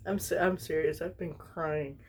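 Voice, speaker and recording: A young woman with a low voice speaks at a moderate pace in a steady tone, with slight background noise. Tipsy from wine, she reads fanfiction aloud at home for a casual storytime, rambling and giggling between lines.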